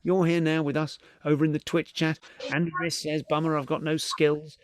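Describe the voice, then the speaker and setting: A man's voice: fairly high pitch, little pitch movement, normal speed, no room sound, clean studio sound. A middle-aged man with a British accent hosting a live-streamed comedy podcast, chatty and giggly, often swearing as he greets viewers. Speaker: podcast host.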